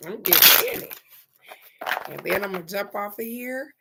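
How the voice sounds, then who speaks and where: A woman's voice: mid-range voice, lively intonation, normal speed, gravelly, very noisy. A woman doing a casual live-stream card reading, chatty and affectionate, laughing often and calling out to viewers by name.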